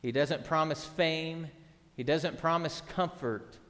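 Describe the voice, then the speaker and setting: A man's voice: on the high side, slow pace, fairly bright tone. A middle-aged man preaching a sermon as pastor, earnest and emphatic, with repeated words and rhetorical questions. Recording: long hall reverb.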